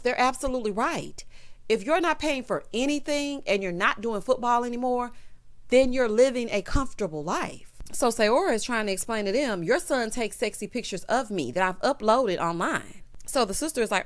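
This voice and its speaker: A young adult woman, host of a casual reality show recap, talking in a sassy, animated way and calling her listeners honey and child. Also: mid-range voice, fairly quick.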